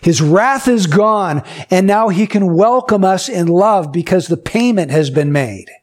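A male preacher with a fairly high voice delivering a teaching sermon. He explains doctrine step by step, tells everyday stories to make it concrete, and slows right down on the words he wants to land. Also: lively intonation. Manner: emphatic, with slow stressed key phrases.

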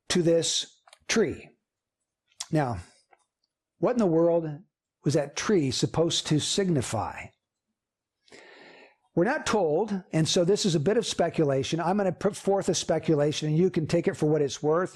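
A man's voice: on the high side, a little mellow, slightly rough. A man preaching a sermon as pastor, earnest and emphatic, with repeated phrases.

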